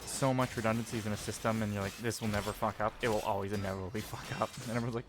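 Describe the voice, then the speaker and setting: A man swearing and rambling casually as he streams a video game, reacting loudly to what happens on screen. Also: lowish voice, steady tone, rapid-fire, over music. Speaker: gaming streamer. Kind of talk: casual gameplay commentary.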